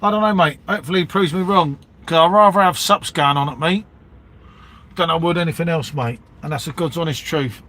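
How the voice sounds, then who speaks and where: Rambling bloke saying mate. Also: male voice, a little high, brisk, pushed and bright. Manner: matey, rambling, says "mate" and "innit" constantly. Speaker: livestream host chatting with viewers. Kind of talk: casual live-stream chat.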